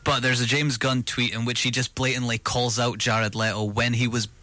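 A man's voice: medium pitch, little pitch movement, normal speed, pushed and bright, no echo. A man co-hosting a casual film podcast, rambling and joking with frequent restarts. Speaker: podcast co-host.

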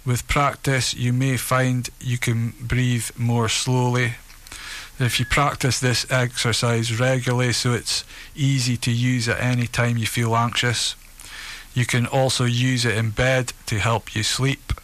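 A man leading a group through breathing and muscle relaxation exercises, giving calm, steady instructions. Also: medium pitch, unhurried. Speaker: relaxation session leader.

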